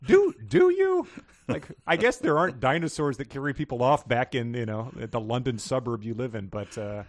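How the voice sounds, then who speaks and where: A man's voice: mid-range voice, fairly even intonation, fairly quick, dry recording, clean studio sound. Wry laughing male podcast host. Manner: wry, laughing, reads quotes aloud. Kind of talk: comedic book discussion.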